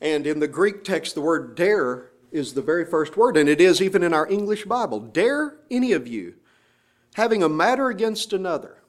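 Man pastor, slightly high voice, expository sermon, emphatic scripture quotes, church setting. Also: expressive, a little fast, hardly any pauses.

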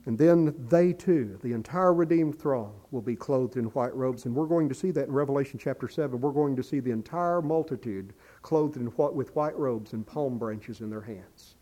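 A man preaching a sermon, earnest and pleading, who rises to emphatic appeals and drops low to quote scripture. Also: moderate pace, few pauses. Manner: quotes scripture in a quiet lowered voice.

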